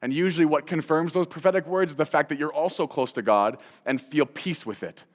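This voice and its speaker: A man hosting a Christian teaching show, talking in an animated, conversational way, repeating phrases for emphasis and putting direct questions to the listener. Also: fairly high pitch, a little fast, big-room sound. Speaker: host and Bible teacher.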